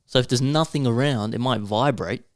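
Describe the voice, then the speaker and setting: A reserved man co-hosting a podcast, his voice mid-pitched. He explains his ideas earnestly and patiently. The sound is dry and close. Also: moderate pace, no echo. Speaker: podcast co-host. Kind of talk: casual chat.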